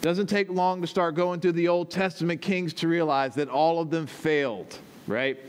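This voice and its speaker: A man's voice: fairly high pitch, steady tone, normal speed, a little hiss or hum. A man, the pastor, preaching a teaching sermon, explaining step by step and checking in with his listeners as he goes.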